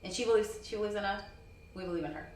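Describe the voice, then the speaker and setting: Talking rapid-fire in a medium-pitched, darkish voice, a woman interviewed as a wrestling promoter and wrestler chats casually, peppering her speech with "you know" and "girl." The convention hall recording has a distant mic's roomy echo and a little hiss or hum.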